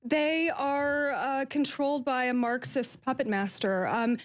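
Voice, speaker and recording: A woman from Kentucky speaking as a guest on a talk-show panel, tearful and angry, apologizing for yelling as she catches her breath. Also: high-pitched, steady tone, a little slow. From Kentucky, USA. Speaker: guest commentator.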